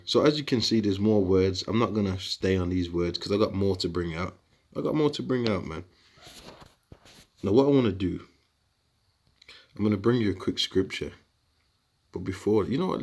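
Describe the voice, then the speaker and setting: A young man talking casually to his viewers, animated and repetitive, calling them bro and man while making his case. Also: lowish voice. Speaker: online commentator. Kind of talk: casual rebuttal video talk.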